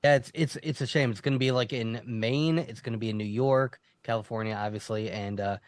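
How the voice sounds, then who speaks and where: A man co-hosting a casual fan podcast, making quick joking asides. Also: medium pitch, steady tone, no room sound.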